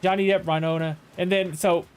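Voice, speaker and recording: Guy streaming a game, kinda high voice, rambles and restarts a lot, just chatting. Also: little pitch movement, a little fast, slight background noise. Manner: rambling anecdotes with frequent restarts. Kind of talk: casual chat while gaming.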